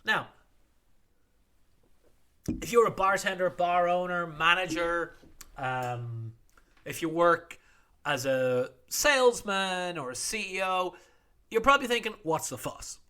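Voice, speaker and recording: A man's voice: high-pitched, takes it slowly, pauses often, pushed and bright, smooth. A middle-aged man hosting a podcast news roundup, wry and irreverent, swearing freely and acting out quotes. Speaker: podcast host. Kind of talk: casual news roundup monologue.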